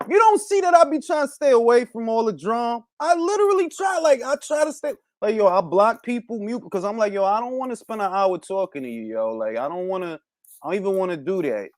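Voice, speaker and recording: A man's voice: high-pitched, expressive, brisk, dry recording, studio quality. A man hosting a boxing talk podcast in a casual, profane rant full of street slang, slipping into Spanish phrases now and then. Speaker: podcast host.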